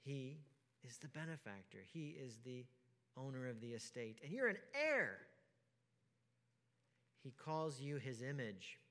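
A man preaching a sermon as pastor, emphatic, asking rhetorical questions and swinging from hushed to loud. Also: medium pitch, very animated, measured pace, pauses often. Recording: long hall reverb.

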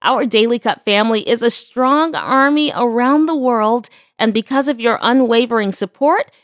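A woman's voice: a little high, normal speed, no echo. A woman hosting a devotional podcast, preaching with an exuberant, emphatic, praise-filled delivery from a studio. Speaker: podcast host and ministry founder.

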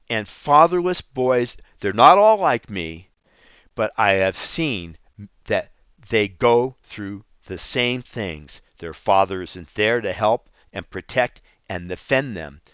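A middle-aged man preaching his own life story with earnest emphasis and halting repeats. His voice is smooth and resonant, with nothing odd about its pitch. The audio is dry and a bit dull and lo-fi. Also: fairly bright tone, dry recording. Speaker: Christian speaker. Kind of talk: personal testimony sermon.

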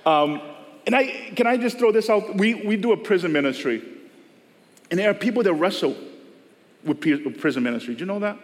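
A man's voice: sits high, expressive, fairly quick, long pauses. A male pastor preaching a sermon to a church service in a conversational style, acting out the voices of people he quotes. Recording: long reverb of a church hall.

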